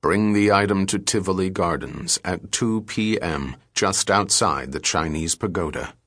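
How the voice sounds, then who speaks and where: A man voicing a calm, menacing male captor who threatens in a slow, measured way. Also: deep voice, no room sound, clean studio sound.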